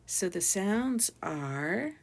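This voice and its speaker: A woman's voice: medium pitch, big pitch swings, very slow. A woman teacher giving a patient phonics lesson to young children, sounding out letters and syllables one by one.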